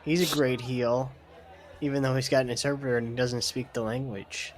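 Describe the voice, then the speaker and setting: A man co-hosting a podcast who cuts in, corrects others and makes quick counterpoints. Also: medium pitch, steady tone, some chatter behind. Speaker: podcast co-host. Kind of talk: casual chat.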